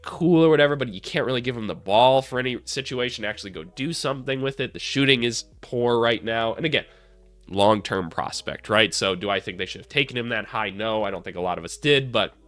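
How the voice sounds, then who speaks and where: A man's voice: mid-range voice, sharp tone. A man with a stuffy nose talking basketball in a blunt, profane, joking way. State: congested, stuffy from a cold. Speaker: basketball commentator, former college coach. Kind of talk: casual video commentary.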